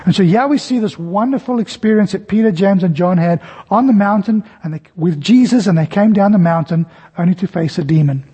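Man preaching, storytelling sermon, high husky voice, echoing hall. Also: brisk, dark tone. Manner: storytelling, acts out scenes with varied pitch. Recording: long hall reverb.

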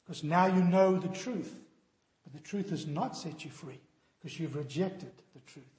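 A man's voice: a little high, moderate pace, darkish tone. A man preaching a sermon earnestly, his voice sinking solemn on warnings, in a church hall. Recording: echoey hall.

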